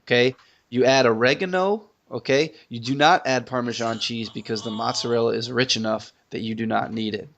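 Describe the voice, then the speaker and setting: A man's voice: mid-range voice, fairly even intonation, brisk, creaky, a bit bright, dull audio, a little hiss or hum. A man co-hosting a gaming podcast in casual chat, talking up things in eager detail. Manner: chatty, talks up food in eager detail. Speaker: podcast co-host.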